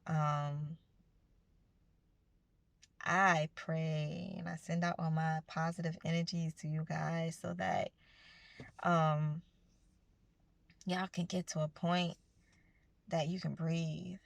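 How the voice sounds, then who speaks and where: A woman's voice: low-pitched, level tone, slow pace, vocal fry, long pauses, no room sound. A woman giving a casual, earnest motivational talk to her viewers, speaking conversationally about spiritual growth. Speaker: self-help vlogger.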